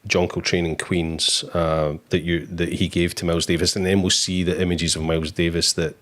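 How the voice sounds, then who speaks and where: A man hosting a casual live-stream interview, relaxed and easygoing with plenty of fillers. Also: low-pitched, moderate pace. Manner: relaxed, filler-heavy, chuckles. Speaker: host.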